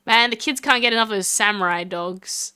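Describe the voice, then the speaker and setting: Australian woman voicing a goofy young man, boastful, rambling, bright dry sound. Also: mid-range voice, fairly quick, clear, resonant tone, dry recording, close to an everyday voice.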